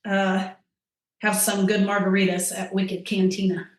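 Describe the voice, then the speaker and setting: A woman's voice: medium pitch, level tone, a little slow. A woman chatting casually as a podcast guest, rambling with lots of fillers. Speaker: guest, tasting-room wine server. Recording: echoey room.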